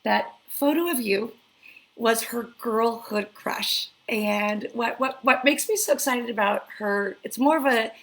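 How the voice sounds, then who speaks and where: A woman's voice: a little high, measured pace, low-quality recording. A woman hosting a live online interview, effusive and emotional, reading a viewer's letter aloud. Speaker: host.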